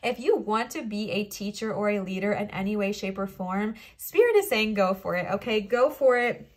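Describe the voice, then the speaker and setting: A young adult woman giving a casual pick-a-card tarot reading, encouraging and animated, often checking in with "okay?" and "all right?". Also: mid-range voice, normal speed. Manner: animated, laughs and talks while moving cards. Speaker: tarot reader.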